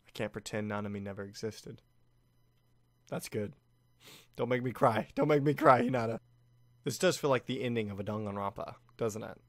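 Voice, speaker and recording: A man giving casual reaction commentary on an anime finale, excitable and often laughing. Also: fairly low pitch, normal speed, long pauses, no echo. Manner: excitable, laughing, with frequent restarts.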